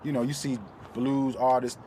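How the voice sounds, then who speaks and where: A man in a casual interview, talking in a relaxed, reflective way with lots of fillers. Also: mid-range voice, moderate pace, a little hiss or hum.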